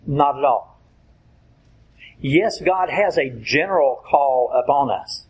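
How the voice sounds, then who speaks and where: A man preaching a sermon in a slow, deliberate way, reading and explaining Bible verses. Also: mid-range voice, animated, husky, rough recording.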